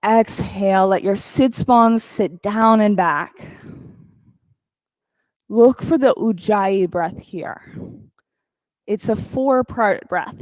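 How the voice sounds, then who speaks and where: A woman teaching a yoga class, calmly counting breaths and cueing poses with encouragement. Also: medium pitch, dry recording, rough recording. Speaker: yoga instructor. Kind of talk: guided yoga class cues.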